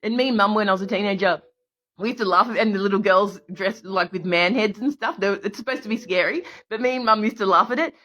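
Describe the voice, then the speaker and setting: A woman's voice: mid-range voice, quick pace. Rambling woman on a livestream. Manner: rambling, animated, laughs often. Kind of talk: casual live stream monologue. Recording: dull lo-fi audio.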